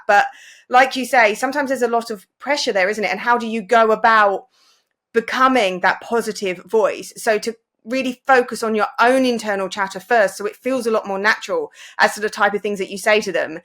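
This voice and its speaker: A woman's voice: medium pitch, sharp tone. A woman who hosts a parenting podcast, talking in a reflective, affirming way. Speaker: podcast host. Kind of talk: casual podcast conversation.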